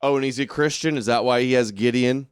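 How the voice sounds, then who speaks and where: Brisk, clear and resonant, the mid-range male voice is captured dry at studio quality. He hosts an informal political commentary livestream, reading viewer comments aloud in a mocking, sarcastic tone and ranting with indignation.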